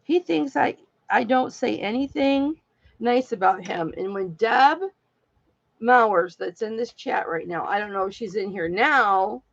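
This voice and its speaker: A woman's voice: medium pitch, a little slow, gravelly, dry recording, dull audio. A woman talking candidly and at length to her live-stream viewers in a heartfelt, rambling way. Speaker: live-stream jewelry seller.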